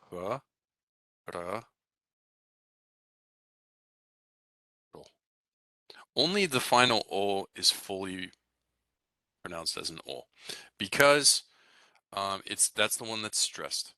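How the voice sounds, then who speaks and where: A man teaching a Russian language class in a relaxed, explanatory way, often checking in with "right?" and "okay?". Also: deep voice, measured pace, pauses often, dry recording. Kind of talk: recorded classroom lecture.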